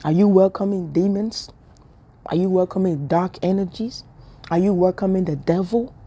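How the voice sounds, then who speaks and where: Woman giving a laid back sermon, kinda low warm voice, jokey, asks the same question over and over. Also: normal speed. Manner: playful, joking asides; repetitive rhetorical questions. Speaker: online preacher. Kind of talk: casual spiritual message to camera.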